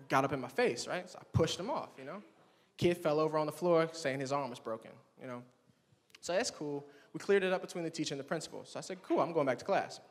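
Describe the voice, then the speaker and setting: A young man with a fairly high voice does stand-up, telling his stories with animated play-acting of the people in them. His voice rings out with a long reverb tail from a campus hall. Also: quick pace. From Swannanoa, North Carolina. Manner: animated storytelling, acting out friends in higher voices. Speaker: stand-up comedian. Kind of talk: stand-up comedy set.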